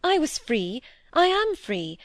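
A woman's voice: sits high, big pitch swings, takes it slowly, dry recording, voice pushed up, full character voice. A woman reading the part of a troubled young woman confessing her regrets to a friend, earnest and regretful. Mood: confiding. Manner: earnest, regretful, rising to indignation. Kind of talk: audiobook reading of dialogue.

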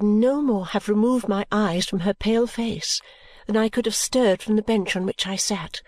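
A woman reading a novel aloud as a first-person audiobook narrator, with a calm, even storytelling delivery. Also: medium pitch, normal speed, dry recording, studio quality. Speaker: audiobook reader.

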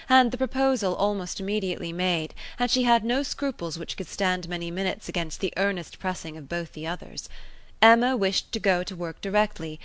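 Woman audiobook narrator, measured and steady, dry close recording. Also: lowish voice, smooth, no echo. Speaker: audiobook reader. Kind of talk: scripted narration of a classic novel.

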